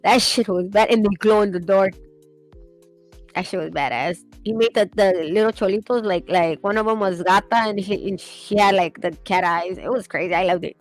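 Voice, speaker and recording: A woman's voice: mid-range voice, fairly even intonation, brisk, hardly any pauses, poor audio. A young woman chats loosely while she draws. She rambles from one story to the next, laughs often and swears casually. Faint music plays underneath. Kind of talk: casual chat while sketching.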